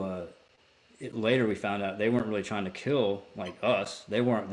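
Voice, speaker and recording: A man, a military veteran and podcast guest, telling a story casually with plenty of swearing, restarts and filler words. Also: lowish voice. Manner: profane, rambling with many restarts.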